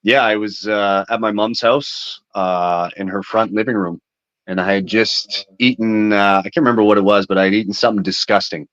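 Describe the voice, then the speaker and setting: A man's voice: on the low side, steady tone, moderate pace, a bit bright, dry recording. A man in his thirties, a fighter giving a candid, rambling interview full of swearing and fillers. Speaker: MMA fighter, interview guest. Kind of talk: casual interview talk. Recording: dry, dull lo-fi sound.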